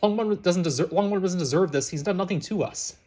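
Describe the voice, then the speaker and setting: A man's voice: high voice, fast, warm tone. A man reading as a hot-tempered young boy. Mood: outraged. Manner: outraged, insistent. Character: earnest, hot-tempered eleven-year-old boy.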